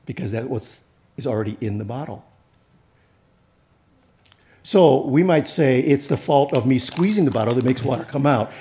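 A man's voice: mid-range voice, animated, moderate pace, pauses often, mellow. A man preaching a sermon as pastor, conversational and joking with the congregation, rising and pressing when he drives a point home. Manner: conversational preaching with humor and audience asides.

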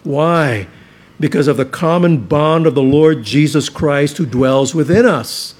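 A man with a slightly higher voice preaches a sermon from the pulpit. He speaks earnestly and emphatically, stretching out the words he wants to stress. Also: unhurried, darkish tone. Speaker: pastor.

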